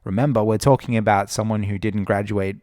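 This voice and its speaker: Low-voiced scornful man, dry sound. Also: fairly even intonation, a little fast, a little mellow, no room sound. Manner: opinionated, scornful. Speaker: podcast co-host. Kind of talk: casual opinion chat.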